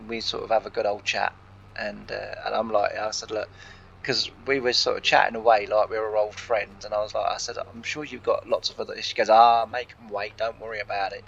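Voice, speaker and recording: A young English man, a let's play host, rambles through an anecdote over gameplay, retelling each exchange with "I said" and "she said." His voice is low and gravelly, and the recording sounds dull and lo-fi.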